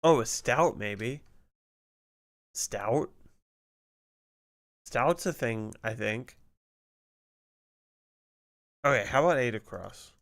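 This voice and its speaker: Slow, smooth-voiced man streamer muttering. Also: mid-range voice, lively intonation, a bit bright. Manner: mutters and swears while puzzling out crossword clues. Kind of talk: casual stream commentary, thinking aloud.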